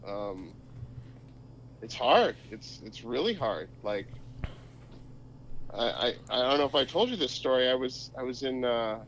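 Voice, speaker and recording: A man in his forties from Minnesota, a podcast guest telling sports stories in a casual, animated way. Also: measured pace, pauses often, dull audio, a little hiss or hum. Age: 40s. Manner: animated storyteller, pitch jumps when excited. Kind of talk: casual chat.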